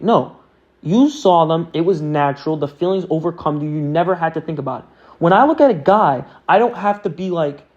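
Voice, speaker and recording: Young man, slightly high voice, earnest and rambling vlog monologue, dull lo-fi recording. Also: animated, normal speed, a little mellow. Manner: earnest, rambling, with many fillers. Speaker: vlogger. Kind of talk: casual self-talk monologue. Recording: dull lo-fi sound.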